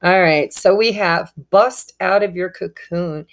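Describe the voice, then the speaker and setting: A woman's voice: lowish voice, measured pace. A woman giving a casual tarot reading, speaking straight to her viewers in an upbeat, encouraging way. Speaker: tarot reader.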